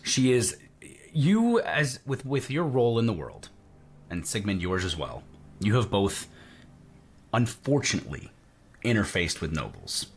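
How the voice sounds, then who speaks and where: Lively game master, animated voice. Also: male voice, lowish voice, unhurried, long pauses, a little hiss or hum. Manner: lively, shifts into character voices for townsfolk. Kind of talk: narrating a tabletop game.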